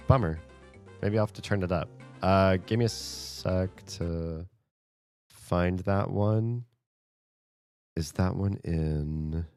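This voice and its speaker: A man with a low, darkish voice streams a rhythm game, chatting casually and thinking aloud between plays while chuckling often. The studio-quality audio has no echo, with faint game music in the background.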